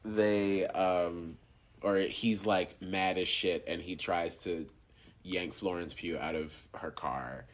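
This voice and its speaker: A man's voice: deep voice, fairly even intonation, takes it slowly. A man hosting a podcast, chatting casually about a movie with loose fillers and restarts. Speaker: podcast host. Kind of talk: casual film review chat.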